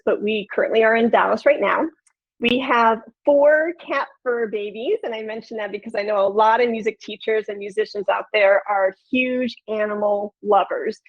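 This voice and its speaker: A woman in her thirties from Chicago, with a nasal Chicago accent, giving an upbeat, conversational online presentation to an audience. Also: medium pitch. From Chicago, USA. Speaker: podcast producer and flutist presenter. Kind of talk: webinar presentation. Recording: lo-fi video call audio.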